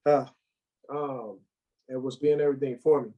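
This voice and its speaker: A man speaking as a guest on a podcast, his voice pitched in the middle. He tells his story haltingly, restarting often, and keeps holding back tears. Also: steady tone, dull audio. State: close to tears. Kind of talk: emotional personal storytelling.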